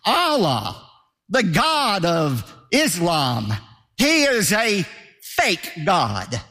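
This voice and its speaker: High, lively-voiced preaching man, echoing hall. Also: extremely slow. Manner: emphatic, rhetorical questions, firm repetition. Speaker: pastor. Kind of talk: sermon.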